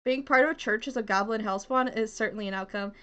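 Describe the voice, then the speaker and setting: A woman's voice: on the high side, quick pace, bright, forceful tone, clean tone. A young woman with a Southern US accent chatting while streaming a game, rambling, swearing often and laughing at herself. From southern United States. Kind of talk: casual gaming stream chat.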